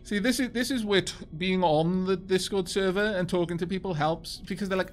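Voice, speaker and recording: A Welsh man chatting quickly and casually with his viewers while he plays a game, poking fun at himself as he goes. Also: sits high, slight background noise. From Wales. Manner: fast-talking, chatty, self-mocking. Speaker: game streamer. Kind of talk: casual live-stream chat over gameplay.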